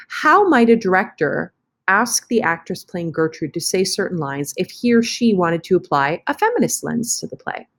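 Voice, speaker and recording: Chatty woman teacher narrating a screen lesson. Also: fairly low pitch. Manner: casual, chatty, self-correcting while clicking around. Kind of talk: screen-recorded online lesson walkthrough. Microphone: computer mic for screen recording.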